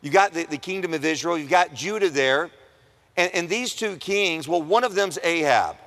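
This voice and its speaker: A man's voice: on the high side, expressive, moderate pace, a bit bright. Preacher man in a reverberant hall. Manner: conversational and humorous, acts out quoted voices. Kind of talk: sermon. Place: chapel or auditorium at a Christian school.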